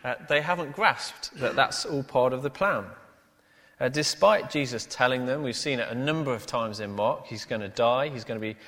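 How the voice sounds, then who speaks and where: A man's voice: medium pitch, normal speed, fairly bright tone. A male pastor preaching a sermon, with many "uh" fillers and rhetorical tag questions. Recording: long hall reverb.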